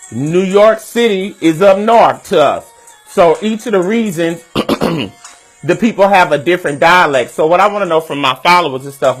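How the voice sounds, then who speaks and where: Southern-accented male host, slightly high-pitched, candid conversational delivery, faint music underneath. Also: a bit bright. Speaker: web series host. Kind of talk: casual talk to viewers.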